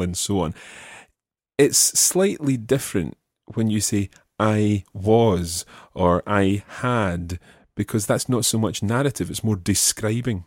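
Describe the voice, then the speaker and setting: A man's voice: on the low side, expressive, a little slow, darkish tone, dry recording, clean studio sound. A man teaching a Spanish lesson, patiently explaining step by step and prompting his student. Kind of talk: spoken language lesson.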